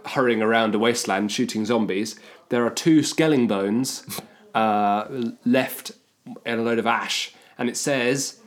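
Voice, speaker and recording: A man's voice: medium pitch, a little slow. A man co-hosting a podcast in casual comic chat, playful and prone to silly voices. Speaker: podcast co-host.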